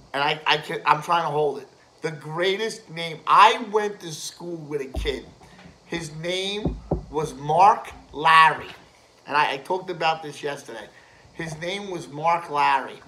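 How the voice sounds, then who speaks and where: Male ranter, high bright voice, slow unhurried delivery, crude and rambling, filler-laden. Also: slight background noise, poor audio. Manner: swears constantly, filler-heavy, laughs at own jokes. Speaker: host ranting to camera. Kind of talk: profane rambling rant.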